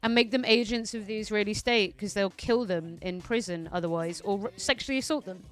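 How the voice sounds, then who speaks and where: A woman's voice: medium pitch, a little fast, a bit bright, faint music behind. Fiery, foul-mouthed woman streamer. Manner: profane, heated, ranting. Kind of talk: casual political commentary stream.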